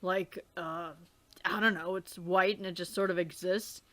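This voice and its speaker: Dave Strider, deadpan teen boy, voiced by a woman. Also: unhurried. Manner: low, flat, mumbling deadpan. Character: cool deadpan teenage boy.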